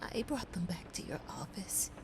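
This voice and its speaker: An actress playing a curt woman who scolds in a breathy, hushed voice in a video game. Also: lowish voice, very animated, normal speed, in a whisper. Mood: reproachful.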